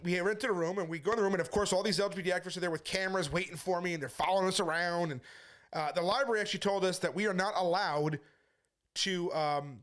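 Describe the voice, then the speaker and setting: High-voiced man telling a story. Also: a bit bright. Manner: brisk retelling full of quoted back-and-forth. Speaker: street preacher. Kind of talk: casual storytelling monologue.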